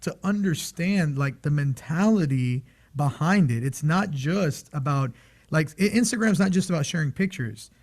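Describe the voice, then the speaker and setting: Guy on a realty podcast, kinda high voice, rambly animated storytelling. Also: moderate pace. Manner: animated, storytelling with many fillers. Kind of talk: casual chat.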